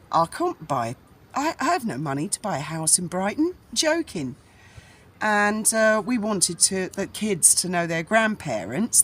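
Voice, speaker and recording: A middle-aged woman from England, telling a rambling personal story outdoors. She speaks bluntly and swears casually. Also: medium pitch. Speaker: vlogger. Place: outdoors in a breeze.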